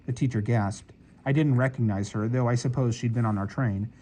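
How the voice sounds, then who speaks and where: Mellow-voiced man narrating a novel. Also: medium pitch, slight background noise, low-quality recording. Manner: measured storytelling. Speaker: audiobook narrator. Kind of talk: scripted narration.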